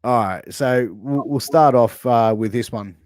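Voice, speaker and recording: A man's voice: medium pitch, a little slow, darkish tone, no echo, studio quality. Playful Australian man hosting a podcast. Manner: playful, quizzing with example sentences. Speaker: podcast host. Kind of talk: casual interview game.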